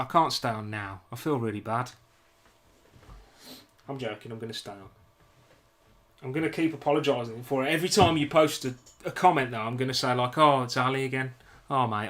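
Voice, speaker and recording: In a British accent, a young man jokes at his own expense and apologises repeatedly to his stream chat as he works at a bench. His mid-range voice runs a little fast and a bit bright, and there's slight background noise.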